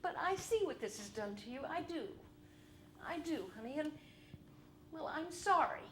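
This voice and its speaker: A woman on stage voicing her weary, apologetic mother, speaking softly and slowly in a solo show. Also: sits high, expressive, echoey room, a little hiss or hum. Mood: regretful. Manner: soft, hushed and drawn-out. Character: weary apologetic mother, soft-spoken and sighing.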